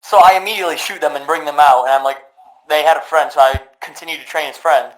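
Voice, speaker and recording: A man's voice: fairly high pitch, fairly even intonation, fast talker, a bit bright, low-quality recording. A young man hosting a casual podcast, telling crude, rambling stories full of swearing. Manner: crude, rambling, profane storytelling. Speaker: podcast host. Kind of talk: casual gaming podcast chat.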